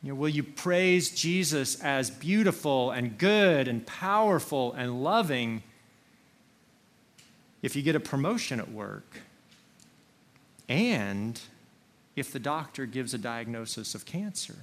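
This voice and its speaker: Slow, earnest male preacher. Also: mid-range voice, lively intonation. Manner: slow, earnest, emphasizing single words. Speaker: pastor. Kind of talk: sermon.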